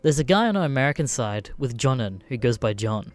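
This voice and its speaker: A man's voice: medium pitch, sing-song, brisk, faint music behind. A man narrating a story in a casual, profane, wry way.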